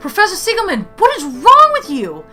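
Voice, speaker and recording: Woman doing a frantic young student, very high pitch, shrill, begging, lively swoops, faint game music behind. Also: brisk, heavily acted. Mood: panicked. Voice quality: shrill and pleading.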